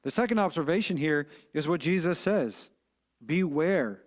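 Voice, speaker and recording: A man's voice: a little high, animated, moderate pace. A middle-aged man, preaching a short devotional sermon in an earnest, conversational way, with fillers and restarts. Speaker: pastor.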